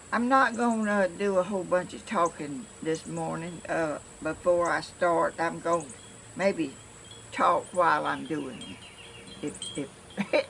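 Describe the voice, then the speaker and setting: An older woman from Georgia with a flat Southern accent, chatting casually and rambling to her viewers as she shows a crafting project at home. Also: low-pitched, gravelly, a little hiss or hum, low-quality recording. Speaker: craft vlogger.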